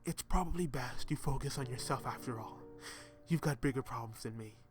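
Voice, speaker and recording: Guy putting on a creepy demon kid, whispery and mocking, sneering the whole time, soft music behind. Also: medium pitch, normal speed, natural voice. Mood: taunting whisper. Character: sinister demonic little boy, taunting and cruel.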